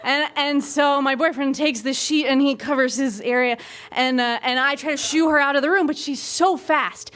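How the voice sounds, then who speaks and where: A young woman telling a comic true story on stage to a live audience, candid and lively, and she acts out the quoted voices. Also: high voice, normal speed.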